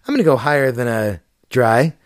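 A man's voice: medium pitch, fairly quick, no echo, clean studio sound. A man co-hosting a podcast over a remote call, talking in an easygoing, hesitant way with lots of fillers. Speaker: podcast co-host. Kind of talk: casual chat.

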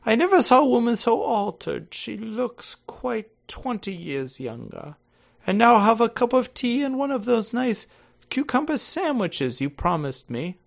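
A man voicing a haughty, prim old aristocratic English lady in a high falsetto, reading a stage play aloud on a podcast. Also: very animated, a little slow, gravelly, heavily acted.

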